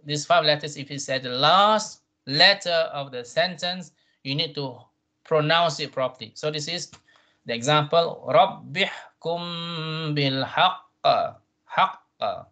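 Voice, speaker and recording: A man's voice: a little high, sharp tone. Patient man teaching Quran reading. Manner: patient, repeats words, checks in with "right?"; drawn-out modeling of Arabic words. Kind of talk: tajweed revision class.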